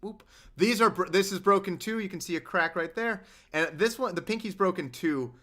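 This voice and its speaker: A man's voice: sits high, moderate pace, sharp tone. Young man chatting casually on livestream. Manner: rambling, sarcastic, reading chat aloud. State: injured hand. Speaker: livestream host.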